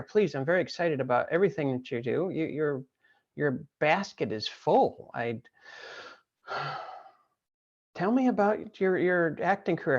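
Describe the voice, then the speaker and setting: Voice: medium pitch, muffled recording. A podcast host interviewing a guest in casual chat, enthusiastic and chatty, often repeating phrases.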